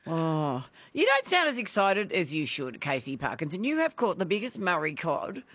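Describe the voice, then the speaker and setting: A man with an Australian accent hosting a talkback radio show, chatty and quick to laugh. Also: a little high, wildly swooping pitch, fairly bright tone, dry recording. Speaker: radio host.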